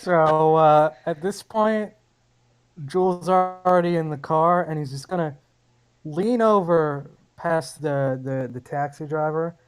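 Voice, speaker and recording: A man playing a tabletop game, describing his character's moves with deadpan jokes. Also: fairly high pitch, takes it slowly, smooth. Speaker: player. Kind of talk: casual tabletop play.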